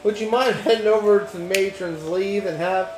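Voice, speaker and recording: A man voicing a furious, gruff male ranch hand with a mixed British and Texan put-on accent, blustery and cursing. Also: high voice, moderate pace, close to an everyday voice. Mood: exasperated. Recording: echoey room, game music behind.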